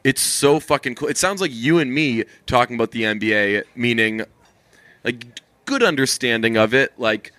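Young man, podcast co-host, mid-pitched, dry close mic, rambling swearing chat. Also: moderate pace, no room sound. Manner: rambling, swears freely, deadpan teasing. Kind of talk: casual chat.

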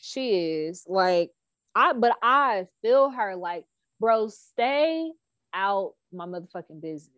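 A woman's voice: mid-range voice, expressive, slow, no room sound, dull audio. A woman co-hosting a casual reality-TV chat, blunt, opinionated and profane. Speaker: podcast co-host.

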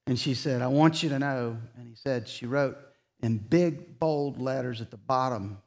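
A man preaching a sermon, retelling conversations as quoted dialogue and dropping soft and slow for solemn points. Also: mid-range voice. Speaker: pastor. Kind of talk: sermon storytelling.

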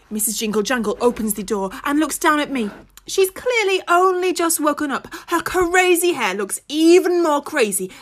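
A woman's voice: very high voice, fairly bright tone. A woman narrating a children's story expressively in the first person, using childlike grammar. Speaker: audiobook narrator.

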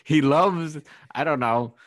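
A man's voice: fairly high pitch, takes it slowly, no room sound, clean studio sound. A man from the United States co-hosting a podcast in casual chat, rambling through joking guesses with laughter. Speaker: podcast co-host.

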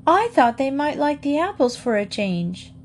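A woman doing a high-voiced earnest little girl. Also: sing-song, normal speed, darkish tone, a little hiss or hum. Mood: pleading. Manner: high, pleading and reproachful. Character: young girl, earnest and easily upset.

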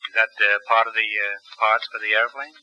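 A man hosting a radio quiz show, teasing contestants with quick deadpan quips. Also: fairly low pitch, dull audio. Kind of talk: wisecracking quiz show banter. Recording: hissy 1950s radio broadcast.

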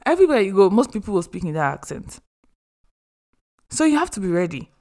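A young woman talks straight to her listeners in a mid-pitched voice. She is chatty and expressive and slips humorous asides into her advice. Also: a little fast. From Nigeria. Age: young adult. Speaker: podcast host. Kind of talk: casual advice monologue.

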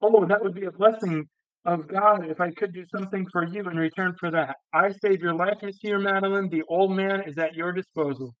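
A man's voice: high voice, fairly even intonation, brisk, dry recording, highs cut off, close to an everyday voice. A man reading the lines of a talkative, grateful old male gardener in an audiobook. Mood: eager.

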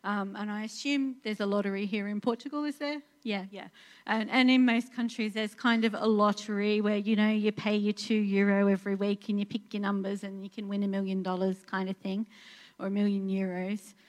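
Woman, sermon, earnest, conversational, fillers and restarts, middle pitch. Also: level tone, a little fast. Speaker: preacher. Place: church in Portugal.

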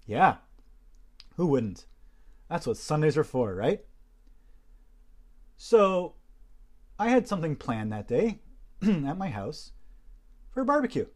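A podcast host with a mid-range, hoarse voice rambles through a casual storytelling monologue in an animated way. He repeats himself and clears his throat often.

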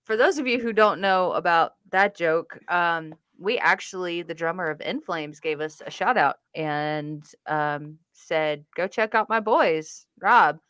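A woman co-hosting a casual podcast, playful and quick to laugh. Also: lowish voice, a bit bright, clear, resonant tone, no room sound, studio quality. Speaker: podcast co-host. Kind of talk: casual chat.

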